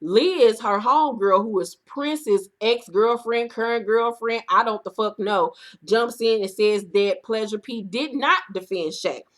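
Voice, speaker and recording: A woman recapping a reality TV episode in casual, profane commentary, acting out the cast in loud bursts. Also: a little high, unhurried.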